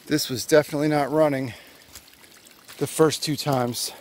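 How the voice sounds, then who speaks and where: A man's voice: fairly high pitch, steady tone, moderate pace. A man chatting to himself in a casual hiking vlog, rambling and joking as he walks a forest trail outdoors. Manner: rambling, joking self-talk. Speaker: vlogger.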